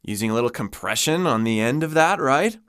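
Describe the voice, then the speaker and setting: A man's voice: medium pitch, brisk, clear, resonant tone, no echo, clean studio sound. A man, a vocal coach, explaining singing techniques and demonstrating them with his own voice. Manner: expressive, demonstrates with voice.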